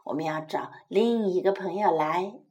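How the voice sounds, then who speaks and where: A woman's voice: lowish voice, moderate pace, a little mellow, pitched below the performer's own voice, lightly acted. A woman voicing a cheerful little cricket in a children's story, chirpy and cheerfully puzzled.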